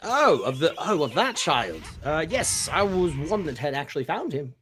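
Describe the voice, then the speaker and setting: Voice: medium pitch, big pitch swings, moderate pace, fairly bright tone, soft background music. A player in a tabletop game who speaks hesitantly, repeats words and slips in and out of character. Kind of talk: tabletop role-play, in and out of character.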